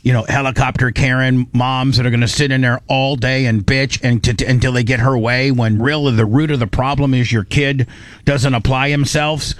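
A man's voice: medium pitch, steady tone, normal speed, dry recording. A man hosting a casual chat show, talking in a blunt, emphatic, rambling way. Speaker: host.

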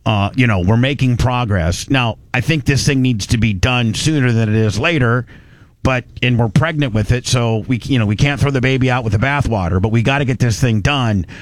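A man's voice: medium pitch, fairly quick, no echo. A man hosting a talk radio show, talking bluntly and mockingly, rambling with restarts. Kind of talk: loose opinionated talk radio banter.

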